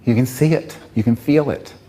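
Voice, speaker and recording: A man's voice: mid-range voice, normal speed, warm tone, slight background noise. A man giving an impassioned public talk, fiery and emphatic. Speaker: public speaker.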